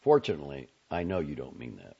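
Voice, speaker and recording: A man's voice: extremely low pitch, wildly swooping pitch, fast, gravelly, warm tone, slightly rough, voice pushed down, exaggerated voice. A man voicing a glib, outspoken young man in an audiobook reading, wry and sardonic. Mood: teasing. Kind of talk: audiobook character voice. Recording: dull lo-fi audio.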